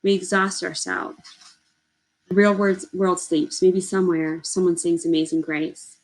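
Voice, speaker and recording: A woman reads a novel aloud, measured and steady, in a lowish voice. Short lines land one after another in an even telling. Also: poor audio. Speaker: audiobook reader.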